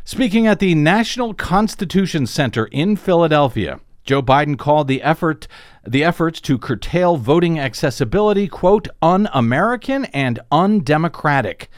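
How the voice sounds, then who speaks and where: A man's voice: on the high side, moderate pace, dry recording. A man hosting a talk radio show, giving emphatic political commentary into a studio microphone. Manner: animated, emphatic delivery. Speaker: radio host.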